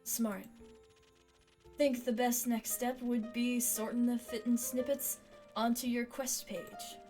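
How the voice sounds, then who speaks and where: A terse, cynical lone-wolf adventurer from a cozy fantasy tavern game, with a Southern twang creeping into her curt lines, as a woman reads her aloud. The voice sits fairly high. Soft game music plays underneath. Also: little pitch movement, slow pace. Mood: gruff. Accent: drifting Southern US. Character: gruff blunt lone-wolf female adventurer.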